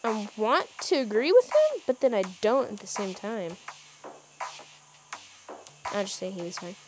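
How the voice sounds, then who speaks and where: A woman's voice: mid-range voice, huge pitch swings, unhurried. Chatty woman playing a story game. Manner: chatty, giggly asides to viewers. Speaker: game player. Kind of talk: gameplay commentary, reading dialogue aloud. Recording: music playing underneath.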